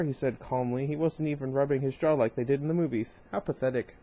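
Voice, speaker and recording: A man's voice: medium pitch, quick pace, few pauses, dark tone. Man reading a novel aloud with wry asides. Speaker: reader.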